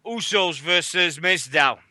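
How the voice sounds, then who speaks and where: A man's voice: fairly high pitch, slow pace, sharp tone, no room sound. A British man hosting a wrestling radio show, swearing constantly as he rambles through stories. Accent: British English. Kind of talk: casual chat.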